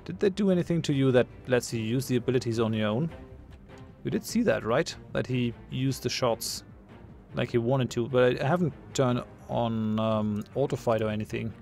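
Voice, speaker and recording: Gravelly man thinking aloud through a game. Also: mid-range voice, normal speed, darkish tone, soft background music. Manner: thinks aloud, mutters, laughs at his own jokes. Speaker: gamer playing a ship combat game. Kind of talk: casual gameplay commentary.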